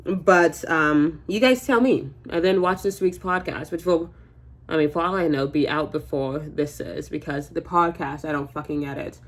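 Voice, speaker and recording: A woman's voice: low voice, measured pace. A woman in her twenties chatting casually through a makeup tutorial, jokey and rambling, with fillers and the odd swear word. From United States. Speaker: beauty vlogger.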